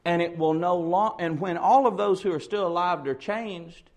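A man preaching an expository sermon, building to loud, slowed, emphatic peaks on key words. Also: sits high.

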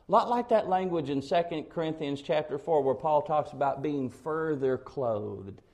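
Man, preacher, sermon, higher voice, loud emphatic build-ups, slows for stress. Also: expressive. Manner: swells to loud emphatic peaks, slows on key words. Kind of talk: expository sermon.

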